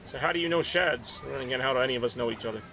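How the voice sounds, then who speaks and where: A man's voice: medium pitch, very fast, vocal fry, sharp tone, faint music behind. A man from the Northeast US, tired and rambling in casual chat while streaming a racing game. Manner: rambling, self-deprecating, mumbly asides.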